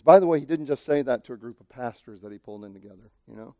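A male pastor preaching a sermon, animated, acting out quoted voices and swinging from loud to hushed. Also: on the high side, fast, hardly any pauses, no room sound, studio quality.

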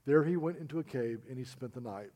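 Mellow-voiced man preaching a sermon. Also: mid-range voice, lively intonation, quick pace. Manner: earnest storytelling, quoting others in dialogue. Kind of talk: sermon with scripture reading.

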